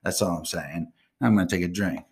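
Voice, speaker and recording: Deep-voiced man in a profane rant. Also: husky. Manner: swears constantly, blunt and ranting; casual slang, drawn-out asides. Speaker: live stream show host.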